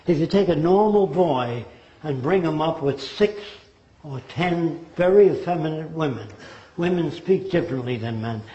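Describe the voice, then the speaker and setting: An older man lectures with emphatic rhetorical questions. His voice sits a little high and mellow. The recording is dull and echoes around the room. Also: animated, moderate pace.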